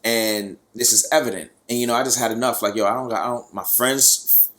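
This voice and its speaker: A man's voice: medium pitch, fairly even intonation, fairly quick, fairly bright tone. A young man hosting a podcast, telling a personal story in a frank, casual way, with lots of fillers and some swearing. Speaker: podcast host.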